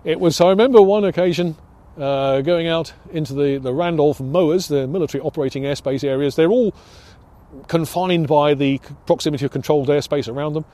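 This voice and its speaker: An older British man talks through his years as a pilot instructor at an easy, reflective pace. His voice sits a little high for a man, and he often stops and restarts mid-sentence as he remembers. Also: brisk, warm tone. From United Kingdom. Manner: reflective, many restarts and hesitations. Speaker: interviewee, former RAF pilot instructor. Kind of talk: oral history interview.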